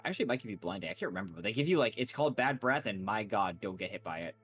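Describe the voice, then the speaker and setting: A man running a tabletop game, chatting and explaining rules in a loose, easygoing way. His voice sits on the low side. Faint music plays behind. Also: expressive, rapid-fire, a bit bright, breathy edge. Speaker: game master. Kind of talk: casual tabletop game narration.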